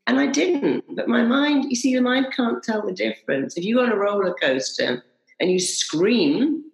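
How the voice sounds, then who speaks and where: A woman's voice: fairly high pitch, lively intonation, moderate pace, creaky, reverberant, rough recording. A woman who trains hypnotherapists, telling stories emphatically in an interview and acting out inner voices. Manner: emphatic, acts out inner voices, repeats slogans. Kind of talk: animated interview storytelling.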